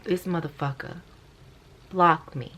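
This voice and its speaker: A woman's voice: fairly low pitch, slow pace, a bit bright. A young woman vlogger telling a story casually, rambling and swearing, with constant "like"s. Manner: rambling, profane, full of "like".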